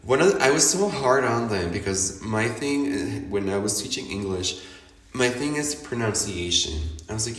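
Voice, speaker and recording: A man's voice: medium pitch, moderate pace. A man from Chicago with a Chicago accent, talking casually and expressively about his life, laughing often and acting out what he said. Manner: chatty and expressive, laughs often, theatrical quoted asides. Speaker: podcast host. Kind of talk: casual personal monologue. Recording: roomy echo, somewhat distant from the mic.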